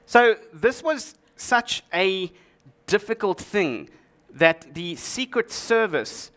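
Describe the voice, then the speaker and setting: A man speaks slowly in a high, sing-song, fairly bright voice while presenting a tech conference talk to an audience from the stage. His humor is dry, and he peppers the talk with sarcastic remarks.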